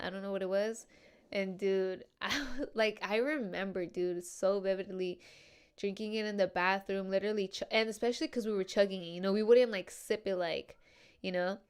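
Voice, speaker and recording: A woman's voice: medium pitch, fairly even intonation, moderate pace, darkish tone, clean tone. A woman hosting her own podcast, talking in a loose, slangy, casual way, swearing freely and calling her listeners "dude" and "you guys.". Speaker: podcast host. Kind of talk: casual confessional chat.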